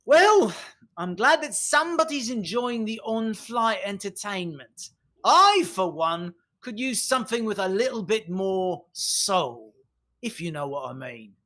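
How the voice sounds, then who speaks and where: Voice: medium pitch, big pitch swings, a little slow. A game master voicing Trilby, a bitter, sarcastic woman miner who talks in a patronizing, theatrical way. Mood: mocking.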